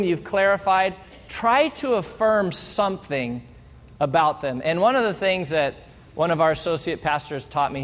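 A man preaching a sermon as a pastor, lively and playful, acting out little exchanges to make his points. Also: high voice. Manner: animated, playful, acts out little quoted exchanges. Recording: hall reverb.

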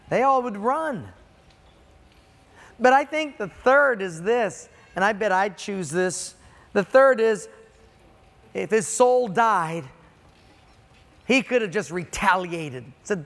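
High-voiced preacher in a reverberant hall. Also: male voice. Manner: dramatic, swings between loud emphasis and quiet drawn-out words. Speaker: pastor. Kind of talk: sermon.

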